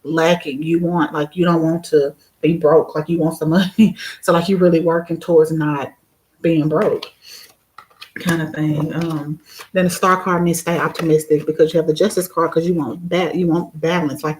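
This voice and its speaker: Woman tarot reader with a sore throat, lower voice, giggly and loose. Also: steady tone, moderate pace, a little mellow, rough recording. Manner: chatty, giggly, lots of fillers. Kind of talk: casual live-stream tarot reading.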